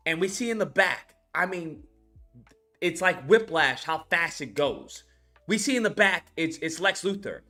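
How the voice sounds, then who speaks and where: A man with a high, bright voice gives a casual, rambling movie review rant, swearing freely and restarting his sentences. Faint music plays underneath. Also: expressive, a little slow. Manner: rambling, profane, frequent restarts. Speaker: animation YouTuber.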